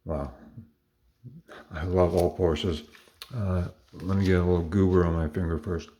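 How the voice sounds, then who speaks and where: A Canadian man with a deep, dark voice speaks unhurriedly in a level tone. He's a collector casually showing off his model cars, enthusiastic and rambling, full of fillers and little self-corrections.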